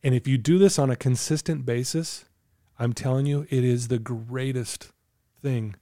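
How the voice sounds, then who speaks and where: Earnest man with a warm, dry voice. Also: medium pitch, normal speed, dry recording. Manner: earnest, coaching tone with anecdotes. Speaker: podcast guest. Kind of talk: casual podcast chat.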